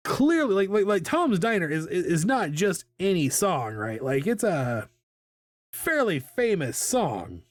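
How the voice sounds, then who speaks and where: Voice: medium pitch, big pitch swings, a little slow, dry recording. Chatty streamer rambling while drawing, dry sound. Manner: chatty and self-deprecating, many fillers and repeated words, hums and laughs. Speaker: live-streaming artist.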